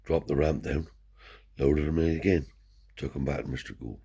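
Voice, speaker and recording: A man's voice: extremely low pitch, normal speed, vocal fry, warm tone, slightly rough. An older man, a Romany traveller telling rambling stories in broad dialect, peppered with swearing and "see?". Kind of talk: rambling oral storytelling.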